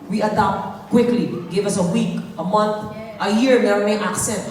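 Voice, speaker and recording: A woman's voice: mid-range voice, fairly even intonation, normal speed. A woman with a Filipino accent doing bawdy live stand-up comedy, teasing the audience while performing ill. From Philippines. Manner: brash, teasing, bawdy banter with the crowd. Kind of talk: live stand-up comedy, mixing Tagalog and English. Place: large concert hall with a live audience. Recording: echoey hall recorded from far off, crowd noise. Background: audience laughter and hall ambience.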